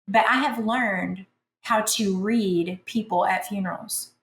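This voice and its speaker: A woman's voice: mid-range voice, slow. Chatty woman in a roomy room. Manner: chatty, animated, self-deprecating humor. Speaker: author and podcast guest. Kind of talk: conversational storytelling.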